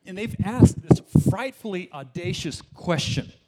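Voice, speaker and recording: A pastor with a high, husky voice preaches a sermon unhurriedly and in a relaxed, conversational style. He makes asides to the congregation and voices quoted speakers.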